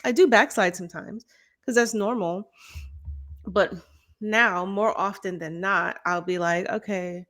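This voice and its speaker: A woman's voice: medium pitch, measured pace, a bit bright. A woman co-hosting a podcast in candid casual chat, laughing often, swearing freely and acting out her own angry outbursts. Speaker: podcast co-host.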